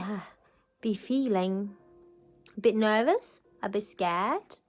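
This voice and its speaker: A woman reading a picture book aloud to children as a storyteller, animated and often asking them questions. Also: mid-range voice, takes it slowly, faint music behind.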